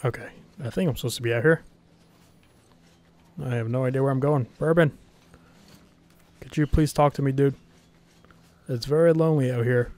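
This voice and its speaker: A man's voice: medium pitch, moderate pace, long pauses, a little mellow. A man giving casual live commentary on his own gameplay, talking to himself nervously and swearing as he reacts. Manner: nervous self-talk, frequent swearing, reacting aloud to the game. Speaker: let's play gamer.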